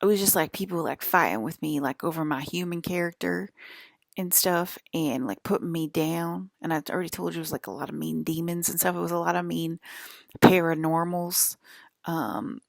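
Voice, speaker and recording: A woman's voice: sits low, steady tone, moderate pace, creaky, dry recording, clean studio sound. A woman talking to camera in a rambling, emphatic monologue, swearing and checking in with "okay?" after her points. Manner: emphatic, profane, keeps asking "okay?". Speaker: vlogger.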